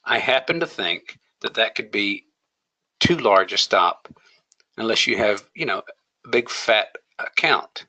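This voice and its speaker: Bright, emphatic male trading coach. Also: fairly low pitch, animated, measured pace, rough recording. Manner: emphatic, coaching, rhetorical questions. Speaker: trading educator. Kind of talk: screen-share trading lesson.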